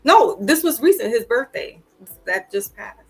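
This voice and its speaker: A woman's voice: on the high side, very animated, moderate pace, breathy edge, soft background music, rough recording. A woman hosting a casual live chat, with a New York accent and a laid-back, trailing way of talking. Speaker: host.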